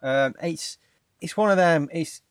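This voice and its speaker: A man's voice: fairly high pitch, measured pace, clear, resonant tone, no echo, studio quality, natural voice. A man, playing an awkward young male student who stumbles over his words. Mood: reassuring.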